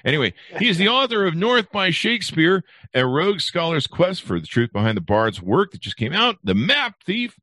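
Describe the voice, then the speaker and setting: A man's voice: on the high side, very animated, normal speed, few pauses, sharp tone, no room sound, clean studio sound. A man hosting a podcast, joking and self-deprecating as he reads plugs and an introduction. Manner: jokey, self-deprecating, stumbles over names. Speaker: podcast host. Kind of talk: podcast interview with sponsor reads. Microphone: studio microphone.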